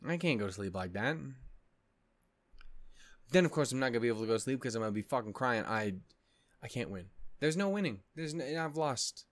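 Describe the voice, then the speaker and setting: Speaking quickly in a lowish voice and pausing often, an anime reaction host comes through with no echo. He's tired and upset, yawning as he rambles, curses, and repeatedly restarts his casual vlog chat.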